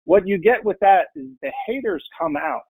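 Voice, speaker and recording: A man's voice: high voice, expressive, moderate pace, gravelly, darkish tone, slightly rough, no room sound, low-quality recording. A man in a casual interview, talking bluntly and with passion about his own trading. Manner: blunt, passionate, mimics people in quotes. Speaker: podcast guest, full-time trader.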